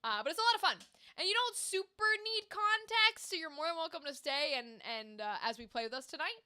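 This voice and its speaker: A woman's voice: high voice, animated, a little fast, pushed and bright. A young adult woman hosting a game livestream, chatting casually and rambling to her viewers. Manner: chatty and rambling, talks straight to chat. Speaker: livestream gamer and host. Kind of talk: casual stream chat with viewers.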